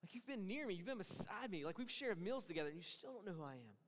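A man preaching a sermon as pastor, moving between hushed lines and emphatic ones and acting out the voices he quotes. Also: high-pitched, very animated, fast talker, long reverb tail.

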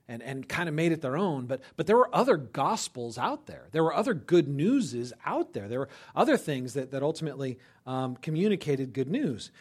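A man preaching a conversational sermon, checking in with listeners and breaking into loud, animated bursts for emphasis. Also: fairly high pitch, husky. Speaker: pastor.

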